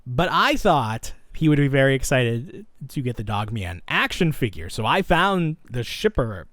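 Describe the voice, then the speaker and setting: A man's voice: mid-range voice, big pitch swings, measured pace, fairly bright tone, no echo. A man co-hosting a podcast in casual chat, rambling and restarting his sentences, laughing often, his voice a bit worn. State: voice getting tired. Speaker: podcast co-host.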